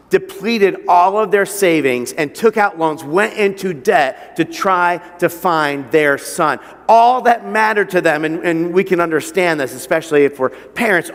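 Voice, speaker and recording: A man's voice: on the high side, fairly bright tone, long reverb tail. A man preaching a sermon as pastor, telling a story with frequent stutters on repeated words and building to emphatic passages. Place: church hall.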